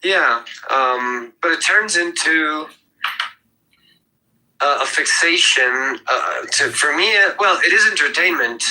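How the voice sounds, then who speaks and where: Hesitant man with a bright voice. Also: on the high side, lively intonation, slow pace, rough recording. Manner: hesitant, many fillers and restarts. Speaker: room moderator and regular caller. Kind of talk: casual call-in discussion.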